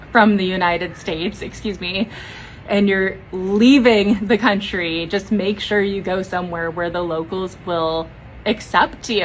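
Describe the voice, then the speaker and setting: A woman's voice: mid-range voice, a little hiss or hum, rough recording. A young woman talking to camera in a casual vlog, with a Valley-girl manner and lots of "like".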